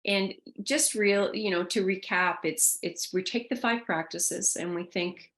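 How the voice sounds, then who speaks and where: A woman's voice: mid-range voice, a little slow, few pauses, fairly bright tone. A woman presenting a caregiver workshop, talking loosely with fillers and restarts. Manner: conversational, thinks aloud with fillers and restarts. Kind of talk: online workshop talk.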